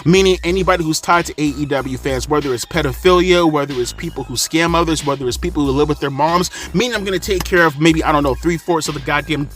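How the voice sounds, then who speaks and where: Young male wrestling ranter, high and bright, profane, volatile, faint music bed. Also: quick pace, hardly any pauses. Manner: profane, angry ranting that swings between loud and subdued. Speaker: wrestling commentary host. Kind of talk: ranting video commentary.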